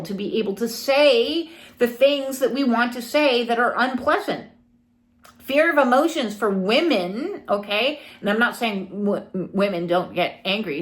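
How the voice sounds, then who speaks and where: A middle-aged woman spiritual coach talking casually, acting out little scenes and quoted voices as she teaches. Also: a little high. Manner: animated, acts out quoted people.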